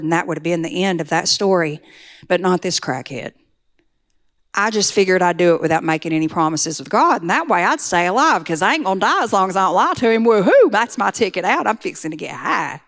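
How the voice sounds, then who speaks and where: A middle-aged woman, telling her recovery story in an earnest testimony that builds to pleading intensity. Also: lowish voice. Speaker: speaker sharing a recovery testimony. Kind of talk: personal testimony talk.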